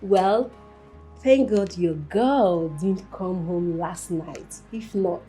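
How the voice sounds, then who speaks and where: A slow, soft-spoken woman. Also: fairly low pitch, soft background music, low-quality recording. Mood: apologetic. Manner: soft, apologetic. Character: apologetic young woman. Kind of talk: film drama acting.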